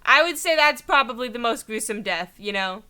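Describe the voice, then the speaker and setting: Young woman streamer, chatty, giggly, bright high voice, desk mic. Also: expressive, moderate pace, a little hiss or hum. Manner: chatty, laughs often. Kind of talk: casual let's play commentary.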